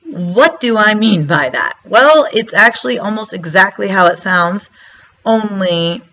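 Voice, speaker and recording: A woman's voice: mid-range voice, animated, measured pace, bright, forceful tone. A woman giving casual motivational talk in a vlog, chatty, acting out her own past thoughts. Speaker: vlogger. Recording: slightly dull lo-fi sound.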